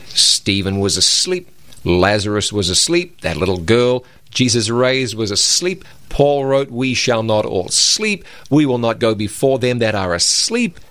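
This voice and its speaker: A man's voice: mid-range voice, lively intonation, a little slow, fairly bright tone, no echo. A man co-hosting a religious radio talk program, explaining Bible passages step by step in an emphatic, conversational way.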